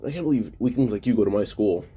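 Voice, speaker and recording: A man voicing a cocky, bored, overpowered male street fighter, speaking in a flat, offhand way in his own low voice. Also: fast talker, husky.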